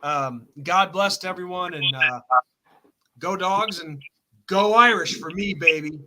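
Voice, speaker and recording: A man's voice: high voice, a little slow, pushed and bright, a little hiss or hum. A man hosting a live stream, chatting casually and laughing often. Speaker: host.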